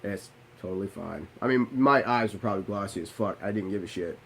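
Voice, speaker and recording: A man in his late twenties with a somewhat low voice talks straight to the camera in a confessional vlog. He is blunt and profane about his own mistakes and rambles, often breaking off and restarting his sentences. Faint ambient noise sits under the voice. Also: fast talker, gravelly, a bit bright, rough recording. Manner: candid, profane, self-deprecating. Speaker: vlogger. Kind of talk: confessional storytelling.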